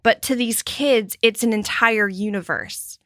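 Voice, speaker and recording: A woman co-hosting a casual podcast chat, agreeing often and speaking in an unhurried way. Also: on the high side, dry recording, studio quality. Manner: unhurried, warmly agreeing with frequent affirmations. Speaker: podcast co-host.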